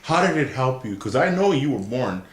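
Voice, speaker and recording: A man's voice: medium pitch, big pitch swings, normal speed. A man interviewing a guest, asking direct, friendly questions. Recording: echoey room.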